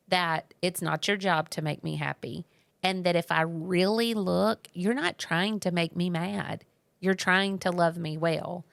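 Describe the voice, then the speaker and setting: Earnest gravelly-voiced woman podcaster. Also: lowish voice, a bit bright, dry recording. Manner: earnest, personal storytelling. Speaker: podcast co-host. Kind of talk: casual marriage podcast talk.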